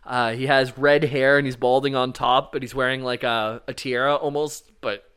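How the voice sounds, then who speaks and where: Man, podcast co-host, casual chat, rambling, fillers, smooth clear voice. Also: medium pitch, little pitch movement, normal speed, fairly bright tone. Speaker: podcast co-host explaining game lore.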